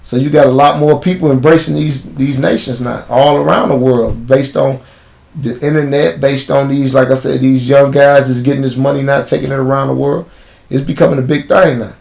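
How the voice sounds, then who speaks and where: Chicago man, mid-pitched voice, blunt street-slang storyteller for an interview guest spot. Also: fairly even intonation, a little fast, vocal fry, darkish tone. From United States.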